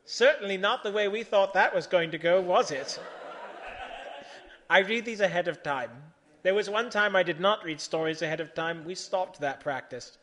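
A man hosting a comic live reading of odd fan fiction, theatrical and bursting into loud shouted voices. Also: high-pitched, moderate pace.

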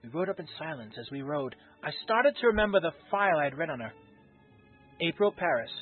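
A man with a husky voice reading a fan story aloud in a plain, unpolished way, with small slips. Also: on the high side, very animated, brisk. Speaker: story reader. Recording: tinny phone-like recording with faint music.

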